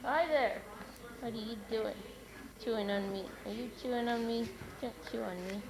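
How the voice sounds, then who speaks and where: A woman's voice: a little high, moderate pace, a crowd in the background. A woman filming on a farm, chatting to her kittens and horses in a sing-song pet voice, held camera outdoors. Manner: sing-song baby talk to pets. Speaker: farm vlogger. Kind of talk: casual talk to animals while filming. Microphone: handheld camera.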